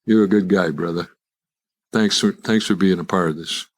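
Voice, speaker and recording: A man's voice: low-pitched, steady tone, normal speed. An older man, speaking to a live audience as a recovery speaker, telling his own story with self-deprecating humor and frequent restarts. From Chicago. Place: live event before an audience.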